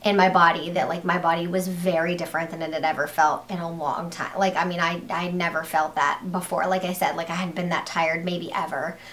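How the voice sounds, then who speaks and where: A young woman vlogger telling a personal story to camera in a rambling, excitable way, with many fillers and restarts. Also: fairly low pitch, fairly quick, hardly any pauses, a little hiss or hum.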